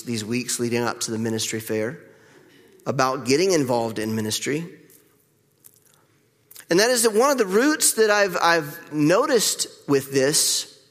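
Middle-aged man, pastor, slightly higher voice, candid sermon delivery, big reverberant church hall. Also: a bit bright. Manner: candid, reflective preaching with pauses. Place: church sanctuary.

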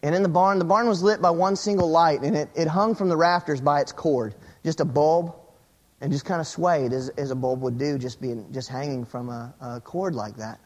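Pastor, male, high-pitched; narrates from the pulpit, hushes low for suspense, lifts with excitement, repeats words on restarts. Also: moderate pace. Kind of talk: sermon.

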